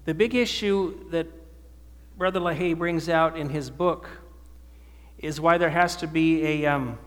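In a church or meeting hall before an audience, a man with a slightly high voice preaches, stopping to pose questions to his listeners and then answer them. A long reverb tail trails after his words, giving the sound of a large hall.

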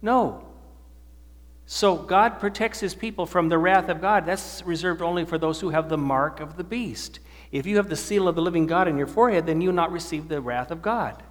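A man gives a sermon to an audience in a church or meeting hall, his voice slightly high. He often pauses to put a question to the crowd and then supplies the answer, while his words echo with the long reverb of a hall.

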